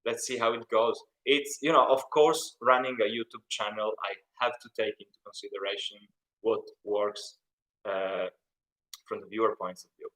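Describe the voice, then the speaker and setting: Chatty Italian man with a bright voice. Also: fairly low pitch, fairly even intonation, moderate pace, rough recording. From Italy. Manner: chatty, rambling, reads out chat comments. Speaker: YouTube channel host. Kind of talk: live stream Q&A, casual chat.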